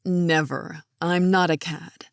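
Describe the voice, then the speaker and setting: A woman reading as a warm-hearted man in love; drop the voice low, keep it gravelly and close. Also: fairly even intonation, slow pace, dry recording. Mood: playful. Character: smitten man in his thirties, tender, playful.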